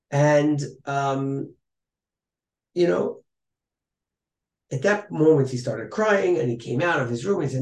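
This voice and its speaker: A man's voice: on the high side, lively intonation, normal speed, a little mellow. A man teaching a Torah class in a conversational way, repeating phrases and checking in with his listeners. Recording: echoey room.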